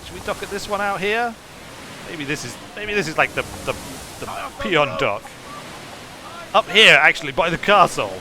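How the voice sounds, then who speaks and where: A man's voice: on the high side, expressive, moderate pace, pauses often, crowd noise. A man giving casual, rambling gameplay commentary, playful and prone to trailing off. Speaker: game commentator.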